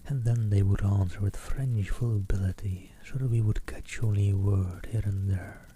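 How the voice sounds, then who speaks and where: Male ASMR reader, whispered reading from close up, very dark mellow tone, faint hiss behind. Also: fairly low pitch, fairly even intonation, moderate pace. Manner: soft unvoiced whisper, reading a travel book aloud; self-deprecating asides between passages. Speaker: ASMR streamer.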